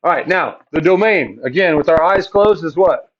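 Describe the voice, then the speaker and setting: A man's voice: a little high, lively intonation, normal speed, lo-fi sound. A man teaching a math class, chatty and joking, asking his students questions and answering them himself.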